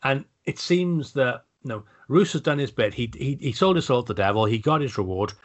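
A man's voice: mid-range voice, lively intonation, normal speed. A man co-hosting a podcast, talking bluntly about a TV show with frequent restarts and casual swearing. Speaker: podcast co-host. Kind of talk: casual chat reviewing a TV episode.

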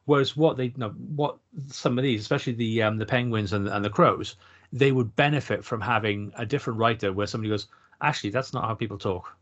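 A man's voice: mid-range voice, quick pace. Middle-aged male co-host, casual and rambling, on muffled lo-fi audio. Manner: thoughtful, meandering, frequent restarts. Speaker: podcast co-host. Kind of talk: casual podcast chat. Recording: dull lo-fi podcast audio.

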